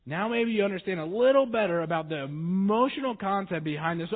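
High-voiced male preacher, tinny line. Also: brisk, few pauses. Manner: conversational storytelling, lively. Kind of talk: sermon. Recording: tinny phone-like sound.

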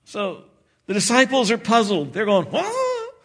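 A man preaching a sermon, expressive and slowing down for emphasis. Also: high-pitched. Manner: expressive preaching, acts out disciples' voices, slows for emphasis. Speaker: pastor.

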